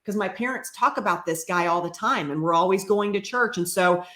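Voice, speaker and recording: A woman's voice: medium pitch, brisk, a bit bright, echoey room. A woman guest on a talk show, earnestly telling the story of her grief and faith in a reflective way.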